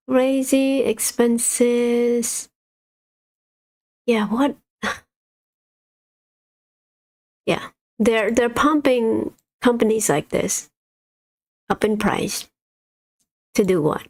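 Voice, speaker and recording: Woman host, gravelly voice, exasperated blunt livestream rant. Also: fairly high pitch, very slow, pauses often, darkish tone. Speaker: stock market livestream host. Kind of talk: casual livestream commentary.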